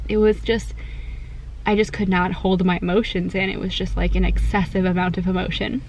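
A young woman vlogging from inside a parked car, talking quietly and softly in a chatty, giggly, rambling way. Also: medium pitch, steady tone, normal speed, slight background noise, low-quality recording. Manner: talking quietly, soft-spoken. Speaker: family vlogger. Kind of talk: casual vlog chat.

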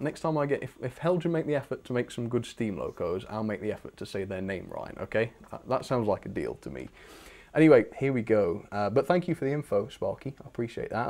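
A young British man with a mid-range, slightly mellow voice hosts a live stream, reading out viewer requests and showing their pictures. He chats enthusiastically, tossing in self-deprecating asides throughout the casual talk.

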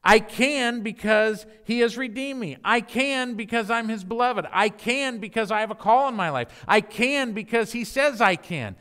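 A middle-aged man giving an encouraging sermon as a guest speaker, animated, with playful mock-enthusiastic asides. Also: high voice, moderate pace, hardly any pauses, smooth.

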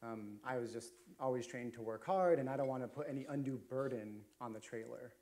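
A man's voice: mid-range voice, a little fast, a little mellow, natural voice. A man doing an earnest hardworking laborer. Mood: polite. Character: hardworking stubborn male potato carrier.

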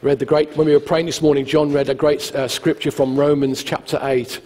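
A man's voice: a little high, little pitch movement, a little fast, a little mellow, slight background noise. A male pastor preaching a sermon, telling the story with humor. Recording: long reverb, church hall.

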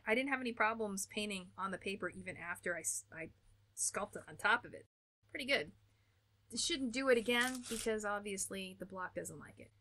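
American woman host, casual product review, crisp bright tone, chatty and upbeat. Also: mid-range voice. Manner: chatty and upbeat, with small laughs and restarts. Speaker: art channel host.

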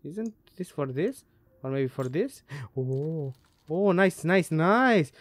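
A woman's voice: sits low, animated, slow, no room sound. A woman playing a puzzle game and giving let's play commentary, muttering, swearing and laughing to herself. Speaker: gamer.

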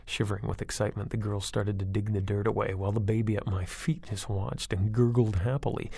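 Brief: gravelly male narrator, dry close mic, wry storybook delivery. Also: on the low side, little pitch movement, brisk, few pauses, dark tone, no room sound. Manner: wry, conversational first-person storytelling. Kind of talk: audiobook reading of a horror story.

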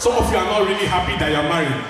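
A man, emceeing a party and joking with the crowd, often shouting. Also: sits high, very fast, distant mic, heavy background noise. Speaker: event MC. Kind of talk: party hosting on a mic. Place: indoor party room. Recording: echoey hall, mic heard from afar, music behind.

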